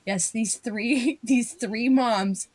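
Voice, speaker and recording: A woman's voice: on the high side, very slow, a little mellow, dry recording. A woman co-hosting a podcast in casual chat, giggling often and swearing freely. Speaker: podcast co-host.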